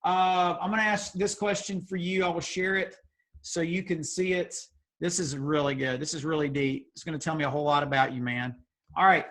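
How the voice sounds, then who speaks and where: A man's voice: fairly high pitch, steady tone, a little fast, fairly bright tone. Playful man hosting a video call. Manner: playful, teasing, chatty asides. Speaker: youth group leader.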